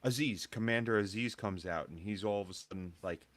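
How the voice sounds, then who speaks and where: A man's voice: fairly low pitch, fairly quick, fairly bright tone. A man co-hosting a casual wrestling review podcast, upbeat and joking with plenty of fillers. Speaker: podcast co-host.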